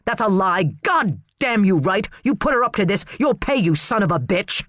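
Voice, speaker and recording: A man voicing an enraged husband who shouts and curses across a courtroom. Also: sits high, animated, moderate pace, no echo, studio quality, voice pushed up. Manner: shouting, cursing.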